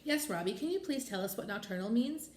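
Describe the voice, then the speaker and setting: A woman voicing a patient, kindly female schoolteacher in a children's storybook, speaking calmly. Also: on the high side, a little fast, roomy sound, a little hiss or hum, natural voice. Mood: instructive. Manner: calm, instructive.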